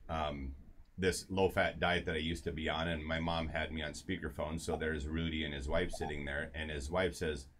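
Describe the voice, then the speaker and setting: A man's voice: extremely low pitch, level tone, moderate pace, background noise. A man hosting a casual health talk show, telling a story with lots of asides and restarts. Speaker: show host.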